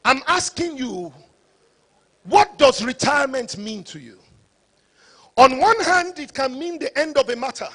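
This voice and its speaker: A man giving a motivational conference talk, preacher-like and rising to shouts for emphasis. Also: very high voice, lively intonation, unhurried, long pauses. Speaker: conference speaker.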